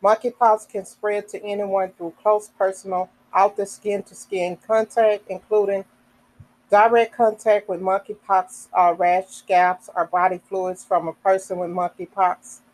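A woman hosting a podcast, reading health information aloud slowly, with casual asides, fillers and the odd self-correction. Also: medium pitch, flat delivery, rough recording. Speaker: podcast host.

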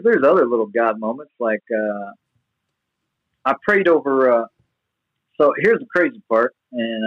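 A young man telling a personal story in a casual, rambling way, full of restarts and fillers, then getting animated as it builds. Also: mid-range voice, no room sound, muffled recording. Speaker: guest sharing testimony.

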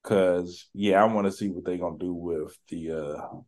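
A man's voice: low voice, fairly even intonation, normal speed, darkish tone. A man hosting a podcast, chatting in a laid-back, slangy, rambling way. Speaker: podcast host. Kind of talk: casual chat.

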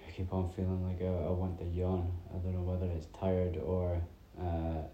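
A man's voice: low voice, completely flat delivery, moderate pace, reverberant, lo-fi sound, slight background noise. A man in his thirties from north-east Scotland who drops his T sounds, rambling through a casual solo podcast chat as host. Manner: rambling, chatty storytelling with many fillers.

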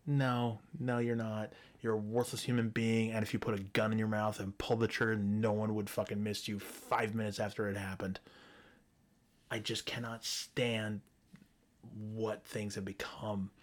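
A man's voice: on the low side, level tone, normal speed. A man hosting a solo show, ranting bluntly and profanely, often restarting his sentences. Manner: frequent restarts and stumbles. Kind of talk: solo opinion rant.

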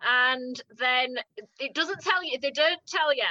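Bright, animated northern English woman. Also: high voice, a little slow, no echo, muffled recording. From northern England. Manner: animated, laughing often, acting out quotes. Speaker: podcast co-host. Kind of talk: casual chat recapping a TV drama.

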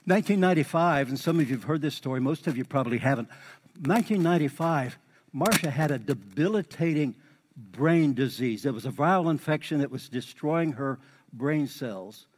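A middle-aged man preaching a sermon in a folksy way, repeating key lines for emphasis and building into lively exhortation. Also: mid-range voice, normal speed, breathy edge. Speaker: pastor. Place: church sanctuary. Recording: long hall reverb.

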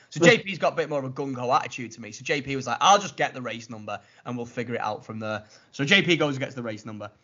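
A man telling a story in a casual chat, animated and mocking, acting out what others said. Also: mid-range voice. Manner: animated, mocking retelling with acted-out quotes. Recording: lo-fi muffled audio.

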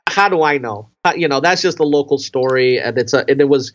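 Animated male podcast co-host. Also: medium pitch, fairly quick, muffled recording. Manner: animated storyteller, acts out his own surprise. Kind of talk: casual religious podcast chat.

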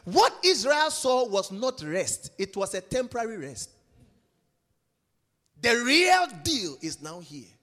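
High-pitched, emphatic male preacher. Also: wildly swooping pitch, takes it slowly, long reverb tail. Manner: emphatic, repeats phrases, swings from shouts to hushed whispers. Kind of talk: sermon.

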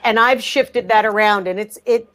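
A woman talking in a podcast interview, emphatic and energetic, often restarting her sentences. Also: medium pitch, moderate pace. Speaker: guest.

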